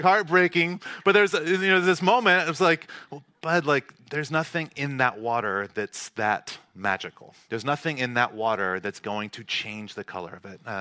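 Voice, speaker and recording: A man's voice: medium pitch, bright, forceful tone, no room sound. A man, a pastor telling a family story in a casual, chatty way before his sermon. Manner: casual storytelling, acts out dialogue. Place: church hall.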